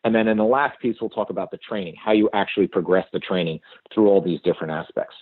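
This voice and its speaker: A segment host and movement coach with a deep voice talks fast as he presents movement training, methodically listing points one at a time. The recording is dry, with narrow, tinny audio.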